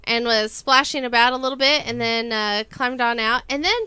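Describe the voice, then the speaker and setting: Bright, chatty middle-aged woman. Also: on the high side, moderate pace, smooth, no echo. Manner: chatty, storytelling. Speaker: podcast co-host. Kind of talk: casual chat.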